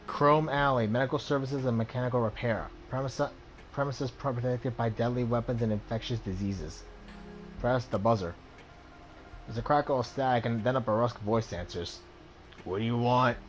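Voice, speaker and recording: A man hosting a let's play, reading game text aloud in a relaxed way with small slips. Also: medium pitch, normal speed, soft background music.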